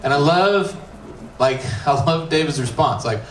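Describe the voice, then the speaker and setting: A man's voice: on the high side, lively intonation, measured pace, fairly bright tone. A man with an American accent, a middle school pastor preaching a casual youth sermon, reading scripture and joking with slangy asides. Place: church youth room. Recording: roomy, distant, faint hiss.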